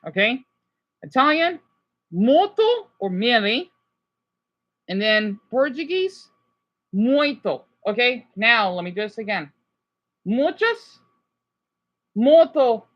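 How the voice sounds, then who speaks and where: A woman's voice: mid-range voice, lo-fi sound. A woman casually teaching a pretend class about how languages compare, eager and chatty, often restarting and hedging.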